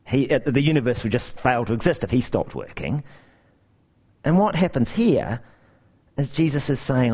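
A man preaching a sermon, his pitch leaping up and down as he tells stories and drives points home with emphatic repetition. The recording sounds dull and lo-fi, as if the top end has been shaved off. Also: moderate pace, long pauses, husky. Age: young adult to middle-aged parent. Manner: animated storytelling with emphatic repetition.

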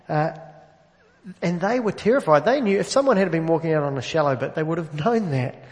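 A man with a fairly high voice preaches a sermon in an easy conversational manner, turning often to ask his listeners direct questions. He speaks into an amplified microphone, and his words ring out with the long reverb of a large church hall.

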